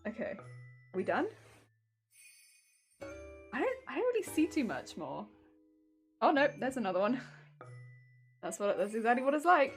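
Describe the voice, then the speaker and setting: A chatty British woman on a live stream whose high voice swings all over the place as she giggles through her crafting. Soft music plays faintly underneath her. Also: sing-song, moderate pace, long pauses. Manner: giggly, chatty, often bursts out laughing. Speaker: cosplay streamer. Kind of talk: casual live-stream chat while crafting.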